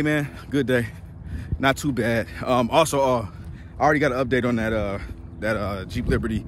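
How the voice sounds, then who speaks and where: A relaxed man talks casually into his phone while walking around an outdoor car lot, speaking in a slangy, easygoing way. His voice sits in a middle pitch. Vehicle and traffic noise is clearly heard behind him. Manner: laid-back slangy talk, frequent "man" and "y'all". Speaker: used car dealer vlogger. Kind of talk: casual vlog chat. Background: cars and outdoor traffic noise.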